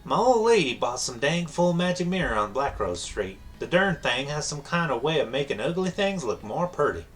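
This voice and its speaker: A man's voice: on the high side, big pitch swings, moderate pace, hardly any pauses, fairly bright tone, voice pushed up. A man voicing a folksy village man from a game, in a put-on Southern drawl, reading the dialogue aloud. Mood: gossipy. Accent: put-on American Southern.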